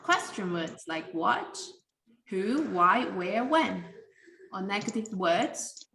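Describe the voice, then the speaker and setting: A woman teaching English pronunciation in a careful, deliberate way, with simple non-native grammar. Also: medium pitch, expressive, vocal fry, roomy sound, noisy background. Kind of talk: slow classroom explanation.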